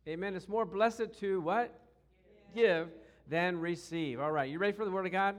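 High-voiced male pastor preaching. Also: moderate pace. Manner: lively, calls for responses from the congregation. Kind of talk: sermon.

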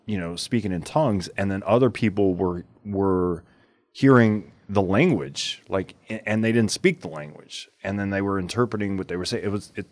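Man, podcast host, very low voice, dry close sound, rambling casual chat, lots of fillers. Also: normal speed, no echo. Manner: rambling, full of filler words.

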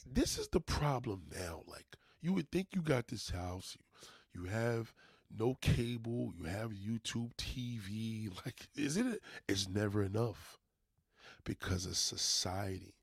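A lowish, gravelly-voiced man rants with a husky edge, cursing freely as he vents to his viewers. He sounds like a small business owner talking straight into the camera in a dry, close recording. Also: lively intonation, slow, no echo. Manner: profane, emphatic venting. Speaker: junk removal business owner. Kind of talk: casual rant to camera.

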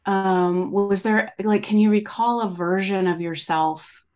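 A middle-aged woman, a coach talking as a podcast guest in an animated, rambling way, full of "like" and "you know". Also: mid-range voice, measured pace. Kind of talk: conversational interview.

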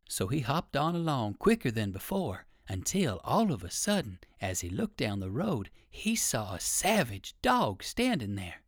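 A man reading an old children's storybook aloud, with lively sing-song storytelling. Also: mid-range voice, unhurried, few pauses, no echo, clean studio sound. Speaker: audiobook reader.

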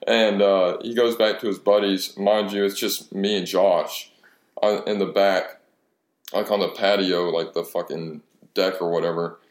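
Deep-voiced young man swearing through a story. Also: fairly even intonation, unhurried. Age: 20s. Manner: profane, storytelling with quoted dialogue. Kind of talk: casual chat. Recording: echoey room.

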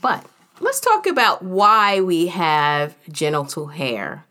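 A woman's voice: on the low side, sing-song, takes it slowly, bright, forceful tone. A woman telling a personal story in a frank, candid and humorous way, chatting casually with plenty of fillers.

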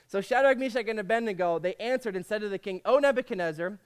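A man's voice: sits high, quick pace, clear, resonant tone. A man preaching in a casual, jokey way, reading scripture aloud between conversational asides.

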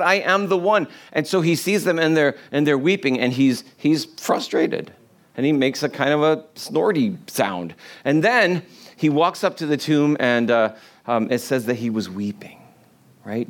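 A middle-aged man preaching a sermon in a conversational storytelling way, with lively quoted voices and soft laughs. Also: fairly high pitch. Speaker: pastor.

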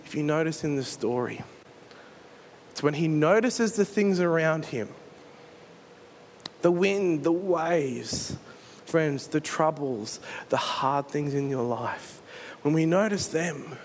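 A man's voice: a little high, a little hiss or hum. A male pastor, preaching a sermon and retelling a story with earnest storytelling. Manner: earnest storytelling, dramatizes scenes.

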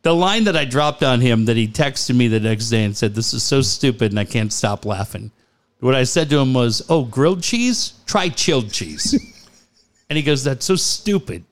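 A man's voice: medium pitch, normal speed, clear, resonant tone. A middle-aged man co-hosting a podcast in casual, profane banter, joking and acting out quoted lines. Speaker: podcast co-host.

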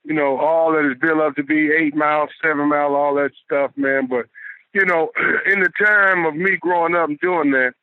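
Male guest, relaxed and folksy, a bit high-pitched, dull lo-fi line. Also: normal speed. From Detroit, USA. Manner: laid-back, folksy, repeats himself. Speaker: guest, former football player. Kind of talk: casual interview chat.

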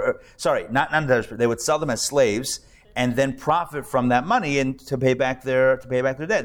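Chatty rabbi lecturing a live class. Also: male voice, medium pitch. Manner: conversational, many restarts and repeated words; wry humorous asides. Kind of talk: live adult-education lecture. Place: live lecture before an audience.

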